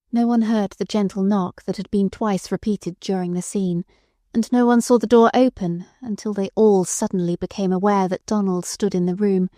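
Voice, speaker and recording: A woman narrating an audiobook with expressive storytelling. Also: medium pitch, dry recording, clean studio sound. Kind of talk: scripted narration.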